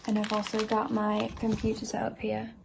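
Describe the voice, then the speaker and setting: A woman's voice: mid-range voice, completely flat delivery, normal speed, creaky. A teenage girl chatting casually in a study-with-me vlog from her bedroom, rambling with lots of fillers. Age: teens. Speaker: vlogger. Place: bedroom at home. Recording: noisy home video recording.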